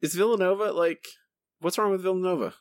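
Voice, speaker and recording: A man co-hosting a podcast, talking in an animated, incredulous and sarcastic way. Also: high voice, a little fast, no echo. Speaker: podcast co-host. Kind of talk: casual chat.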